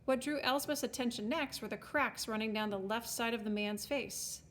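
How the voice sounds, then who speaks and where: A woman reading a storybook aloud, with wry, expressive scripted narration. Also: a little high, moderate pace. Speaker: audiobook narrator.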